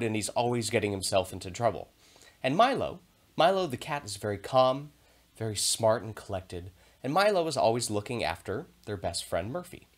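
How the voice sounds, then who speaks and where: Lively, encouraging male theater teacher. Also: medium pitch. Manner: clear, encouraging, expressive. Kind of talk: video lesson for children.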